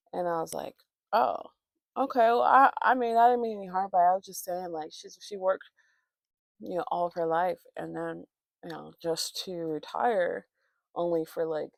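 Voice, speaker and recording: A woman's voice: on the low side, gravelly, no echo, clean studio sound. A woman vlogger chatting casually, telling a rambling, profane, candid story with many restarts.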